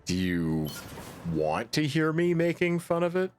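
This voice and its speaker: A man's voice: fairly high pitch, sing-song, a little slow, soft background music. A man co-hosting a casual gaming stream, teasing in a dry, sardonic way.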